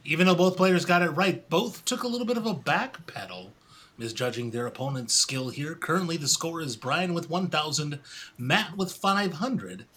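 A man's voice: a little high, expressive, normal speed, a bit bright, breathy edge. A man co-hosting a trivia show who announces the scores with dry, wry humor. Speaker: guest co-host, scorekeeper.

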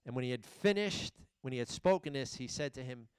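A man preaching a sermon, retelling scripture dramatically, swinging between loud declarations and hushed asides. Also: medium pitch, fairly even intonation, quick pace, smooth, no echo. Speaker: pastor.

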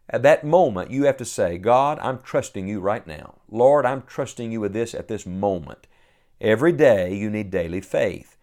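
A man preaching a sermon, earnest and emphatic, slowing down to stress key phrases and reading scripture aloud. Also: on the low side, a little mellow.

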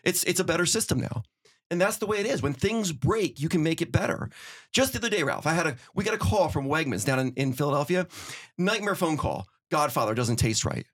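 A middle-aged man telling stories in casual conversation, animated, acting out quotes as he goes. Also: a little high, husky. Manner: fast, animated storytelling with acted-out quotes. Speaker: podcast guest, winery owner.

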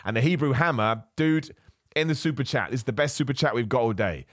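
A man hosts a podcast in loose, animated chat, ranting and laughing as he goes. His voice sits at an ordinary middle pitch, and a cough keeps catching at it. The recording is dry, with no room sound. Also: fast, no room sound. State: has a cough. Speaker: podcast host. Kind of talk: casual chat.

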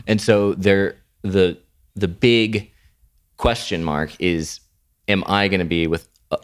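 A young man with a very low voice chats on a podcast. He tells stories in a loose, rambling way, full of "like" and "dude.". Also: takes it slowly, clean tone. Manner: rambling, animated storyteller, says "dude" and "like". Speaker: podcast co-host. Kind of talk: casual chat.

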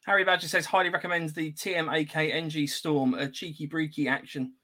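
A man's voice: a little high, fairly even intonation, brisk, bright, forceful tone. A man co-hosting a casual live stream, easygoing, reading viewer messages aloud. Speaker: co-host reading viewer comments.

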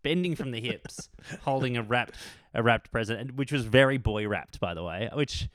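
Animated man with a lively, bouncing voice. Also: mid-range voice, normal speed, no room sound, studio quality. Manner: animated storyteller, lively retellings. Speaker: podcast co-host and voice actor. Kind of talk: casual chat.

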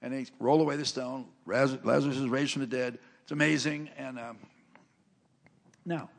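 A man's voice: medium pitch, fairly even intonation, moderate pace, vocal fry, in a large hall. A man preaching a sermon, retelling a scripture story in a folksy way and reading passages aloud with rising force.

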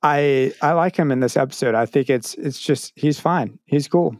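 Male podcast co-host, middle pitch, laid-back and wry, dry close mic. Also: moderate pace, dry recording. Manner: relaxed, joking, short agreeing replies. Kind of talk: casual chat about a cartoon.

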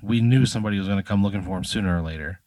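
A man's voice: low voice, very fast, darkish tone, no echo, close to an everyday voice. A man doing a breezy male fence. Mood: chummy. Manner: casual, chummy. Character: breezy male fence who deals stolen goods.

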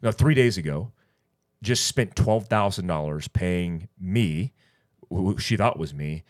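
A middle-aged man with a deep voice co-hosts a podcast, speaking slowly as he casually tells a story. He rambles and gets animated, acting out the other people's lines as quoted dialogue.

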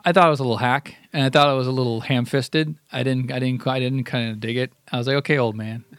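A man's voice: mid-range voice, steady tone, quick pace, a bit bright, clean tone, no echo, studio quality. A man co-hosting a casual podcast chat, blunt and rambling, swearing offhandedly. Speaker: podcast co-host.

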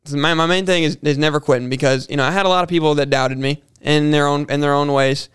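A young man talks quickly in a smooth, clear voice, eagerly repeating himself as he tells a personal story. His voice sits a little high for a man. The recording is dry and close. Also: fairly even intonation, a bit bright, no echo. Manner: earnest, repeats and restarts words often. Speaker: guest. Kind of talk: casual storytelling interview.

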